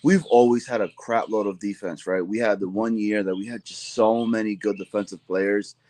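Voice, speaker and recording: A man's voice: lowish voice, steady tone, normal speed, darkish tone. A man co-hosting a casual sports chat, hyped and rambling, calling people bro and dude.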